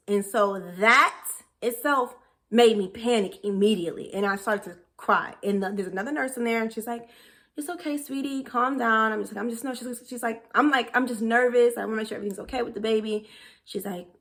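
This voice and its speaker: A woman's voice: mid-range voice, fairly bright tone. A young woman telling a personal story candidly and emotionally, acting out what others said as she goes. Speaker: vlogger.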